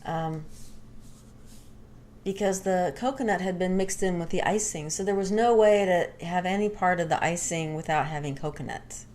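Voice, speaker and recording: A woman's voice: lowish voice, moderate pace, a little mellow, slight background noise. A young adult woman casually telling a candid, rambling personal story and swearing freely.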